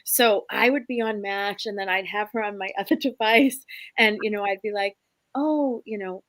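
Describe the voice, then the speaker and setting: A woman's voice: mid-range voice, normal speed, no echo. A woman guest, a spirit medium, telling stories in a casual interview and acting out the voices of the people she quotes. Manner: expressive, acts out quoted voices, laughs often. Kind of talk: animated storytelling in a casual interview.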